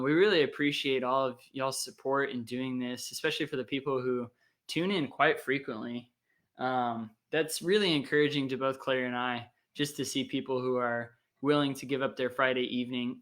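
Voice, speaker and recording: A young man hosting a worship livestream in casual chat, excitable and thinking aloud with plenty of fillers. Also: medium pitch.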